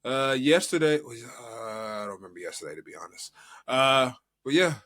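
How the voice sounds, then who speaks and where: Man, American, young adult, podcast co-host, casual chat, rambling, lots of fillers, medium pitch. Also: sing-song, moderate pace, pushed and bright. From United States. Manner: rambling storytelling with many fillers.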